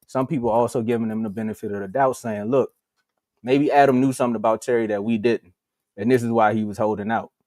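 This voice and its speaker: A man co-hosting a sports talk show in casual, animated, slangy chat over a video call. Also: mid-range voice, quick pace, no room sound, clean studio sound. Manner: animated, slangy, acts out quotes.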